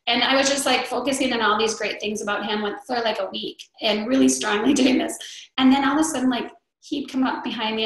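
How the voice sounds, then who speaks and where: A middle-aged woman chatting as an interview guest, rambling with many fillers and restarts. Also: fairly high pitch. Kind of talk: casual chat. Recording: very echoey room.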